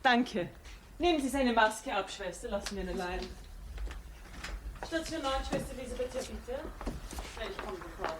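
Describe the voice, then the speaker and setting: An actress playing a firm but kind German hospital nurse, speaking broken English with a German accent. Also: female voice, on the high side, lively intonation, normal speed, long pauses, very noisy, natural voice. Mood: brisk. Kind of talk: television drama acting.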